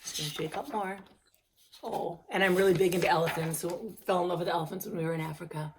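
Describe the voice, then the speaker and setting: A woman in her fifties, hoarse and losing her voice, chatting casually and rambling in her video diary with frequent laughs. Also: on the low side, fairly even intonation, quick pace, background noise. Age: 50s. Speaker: vlogger. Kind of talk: casual chat.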